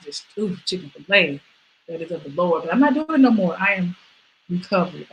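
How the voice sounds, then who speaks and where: Animated woman doing stand-up. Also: a little hiss or hum, poor audio. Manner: animated, with sudden high squeals and drops to mutters. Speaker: stand-up comedian. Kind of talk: stand-up comedy set. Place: at home, performing over a video stream.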